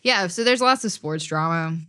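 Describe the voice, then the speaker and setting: A young woman co-hosting a podcast in casual chat, relaxed and chatty and quick to laugh. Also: fairly low pitch, clear, resonant tone, no room sound, studio quality. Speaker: podcast co-host.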